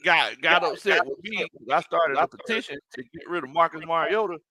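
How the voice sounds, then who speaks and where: A man hosting a casual sports chat, animated and quick to laugh. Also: a little high. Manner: laughs often, animated and teasing. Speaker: sports podcast host.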